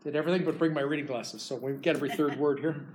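A man preaching a sermon, retelling a Bible story in an animated, lively way. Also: a little high, racing, a little hiss or hum.

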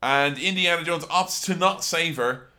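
A man's voice: on the high side, moderate pace, sharp tone. A young man co-hosting a casual film-recap chat, jokey and sarcastic, laughing often as he talks. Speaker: podcast co-host.

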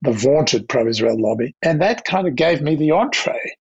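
An older man with an Australian accent, recounting his diplomatic career in a measured, anecdotal interview manner. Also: a little high, lively intonation, husky, highs cut off. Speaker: guest, diplomat. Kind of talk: reflective interview storytelling.

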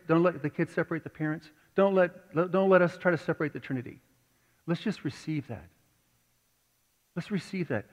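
A man preaching a sermon to his congregation, earnest and conversational, building to emphatic points. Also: a little high. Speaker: pastor. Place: church sanctuary. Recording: dull recording with long hall reverb.

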